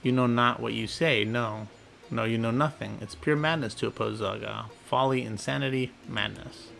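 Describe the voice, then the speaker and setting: A man's voice: medium pitch, moderate pace, vocal fry, a bit bright, soft background music. A man voicing a fretful male kobold who wails and lists words in threes, for a video game. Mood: warning. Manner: wailing, lists synonyms in threes.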